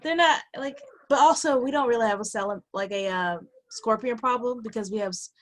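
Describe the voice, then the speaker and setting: A woman from Alabama telling lively stories in a casual group video call, full of fillers and laughs. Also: a little high, brisk, slight background noise. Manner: animated, laughing storyteller with many fillers. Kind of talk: casual group chat, storytelling. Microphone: computer or headset mic on a video call.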